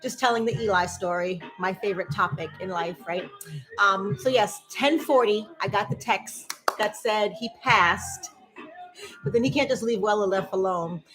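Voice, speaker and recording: A woman's voice: mid-range voice, moderate pace, low-quality recording. A woman, chatting animatedly with her dance fitness class and telling stories. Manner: chatty, animated storytelling with whoops and laughs. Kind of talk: casual chat to a live class. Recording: music playing behind.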